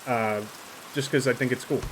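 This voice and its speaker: A man hosting a game playthrough, chatting casually, reading dialogue aloud and swearing excitedly at the characters. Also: mid-range voice, moderate pace, noisy background. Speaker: let's play host.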